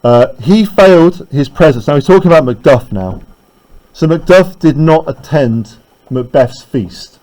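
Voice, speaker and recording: Male teacher, fairly high mellow voice, reads verse slowly then paraphrases fast, keeps checking understanding. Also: animated, poor audio. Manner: explains step by step, checking in with "right?" and "okay?". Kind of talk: English literature lesson, reading and explaining a play.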